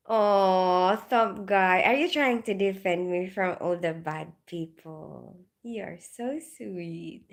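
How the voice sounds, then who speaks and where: A creaky, mid-range voice belongs to a middle-aged nurse chatting casually on a livestream right after waking from night shifts. She giggles often and greets her viewers by name.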